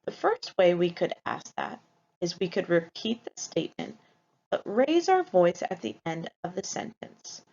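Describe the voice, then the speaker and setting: Lively lo-fi woman teaching a lesson. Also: fairly low pitch, unhurried, creaky. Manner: explanatory, models example sentences aloud. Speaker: Spanish teacher. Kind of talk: recorded lesson lecture. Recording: dull lo-fi recording.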